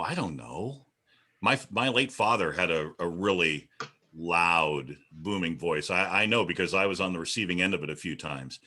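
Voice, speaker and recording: A veteran radio broadcaster, a man, projecting loudly in a panel discussion. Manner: projecting, booming delivery. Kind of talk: panel discussion over video call.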